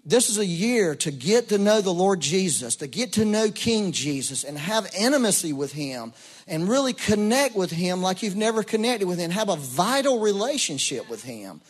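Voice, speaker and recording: A man's voice: high-pitched, moderate pace. A middle-aged man preaching a sermon in a folksy, storytelling way, acting out quoted voices. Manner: folksy, storytelling, animated quoting. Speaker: pastor.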